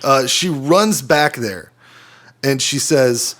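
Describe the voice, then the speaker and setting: A man's voice: a little high, animated, moderate pace, fairly bright tone. A man co-hosting a casual podcast, telling a rambling story with lots of swearing and laughter. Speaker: podcast co-host.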